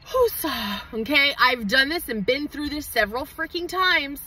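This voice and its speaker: A woman with a high, bright voice rants on a phone livestream from inside her parked truck. She is heated and profane, with her words spilling out in quick bursts. A faint hum of noise sits behind her. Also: lively intonation, poor audio. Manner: heated, profane, rapid outbursts. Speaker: mother livestreaming an update. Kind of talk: emotional livestream rant.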